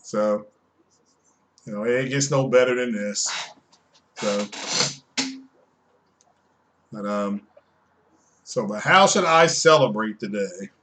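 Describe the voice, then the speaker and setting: A man chatting casually on a live stream, excitable and rambling, often repeating himself. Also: on the low side, takes it slowly, long pauses.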